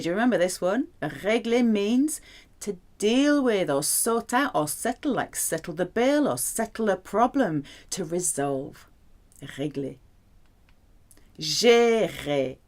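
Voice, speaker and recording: A woman teaching a French lesson, explaining playfully and slowly repeating words for practice. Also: on the low side. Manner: lively, playful explaining with slow drilled repetitions. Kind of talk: language lesson.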